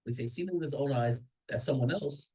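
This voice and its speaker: A man's voice: mid-range voice, fairly quick, dark tone, breathy edge, poor audio. A man commenting casually on a played clip, opinionated, often stammering and repeating words. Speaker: reaction commentator.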